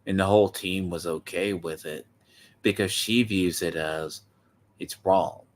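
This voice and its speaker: A man's voice: sits low, fairly even intonation, measured pace, a little hiss or hum. A man hosting a reaction video, giving opinionated casual commentary and checking that his friend agrees. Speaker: video host reacting to a clip.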